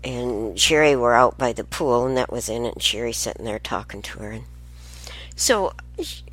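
Deep-voiced older woman, rambling and laughing. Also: expressive, moderate pace, fairly bright tone. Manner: rambling, sidetracked, laughs often. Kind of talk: casual family storytelling.

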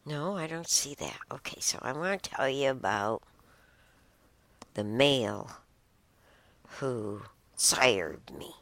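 Sighing, exclaiming, and tripping over her laptop, a woman haltingly reads posts aloud and comments on them casually and emotionally. She has a very deep, animated voice with a fairly bright tone.

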